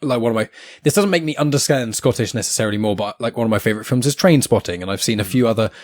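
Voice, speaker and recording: A man's voice: mid-range voice, racing, no echo. A man with a southern English accent hosting a podcast, talking in a thoughtful, meandering way. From southern England. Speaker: podcast host. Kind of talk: casual chat.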